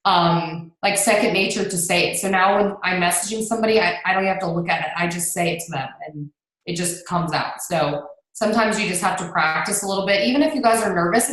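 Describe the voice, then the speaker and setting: A woman giving an energetic motivational talk as a guest on a video call, who laughs often and gets hyped. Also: medium pitch, very echoey, low-quality recording. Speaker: guest speaker.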